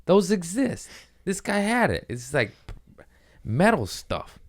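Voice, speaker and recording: A comedy podcast host with a high voice tells a story casually and animatedly, swearing freely and slipping into quick character voices.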